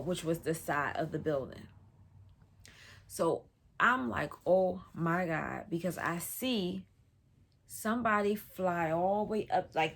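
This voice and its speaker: Animated young woman telling a wild story. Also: breathy edge. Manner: animated, profane, acts out quotes with big pitch jumps. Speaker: vlogger telling a personal story. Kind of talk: casual storytime.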